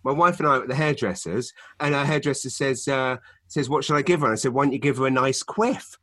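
Man, podcast co-host, animated rambling storyteller, bright tone. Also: medium pitch, fast talker, no echo. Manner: animated storytelling, lots of fillers and restarts. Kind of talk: casual chat. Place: home in Canada.

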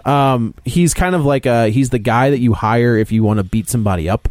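A man retells movie scenes on a casual film review podcast, rambling and stacking fillers as he goes. His voice has an everyday middle pitch. The sound is dry and close, with no room around it. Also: fairly quick, darkish tone, dry recording. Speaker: podcast co-host.

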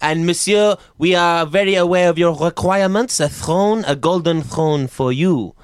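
A man's voice: on the high side, normal speed, smooth, no room sound, studio quality, pitched above the performer's own voice, close to an everyday voice. A man playing a fawning male restaurant host.

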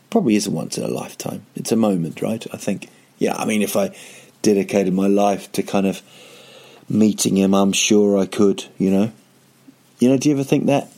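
A man's voice: lowish voice, creaky, darkish tone. A man, a comedian hosting a podcast, telling a rambling comic story with self-mocking jokey asides. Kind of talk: casual comedic monologue.

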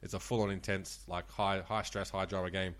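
A man's voice: low voice, little pitch movement, brisk, fairly bright tone. A man with an Australian accent, a former croupier, telling stories in a laid-back, sweary way on a casual podcast. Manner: laid-back, swears a lot, laughs often. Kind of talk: casual storytelling chat.

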